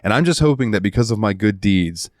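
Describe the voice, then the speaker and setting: A man's voice: fairly low pitch, expressive, fairly quick, no echo, clean studio sound, lightly acted. A man voicing an earnest, selfless young male sky armor pilot while retelling a game ending.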